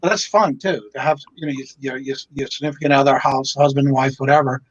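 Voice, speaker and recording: A man's voice: mid-range voice, steady tone, brisk, husky, no room sound, muffled recording. A man from Louisiana chatting casually on a livestream in an easygoing, rambling way. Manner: easygoing, rambling, repeats words as he talks. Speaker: reseller and show host.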